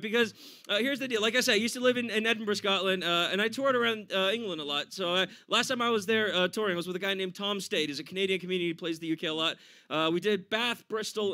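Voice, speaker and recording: A man with an American accent doing a standup comedy set for a live audience, animated and laughing often. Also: high-pitched. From United States.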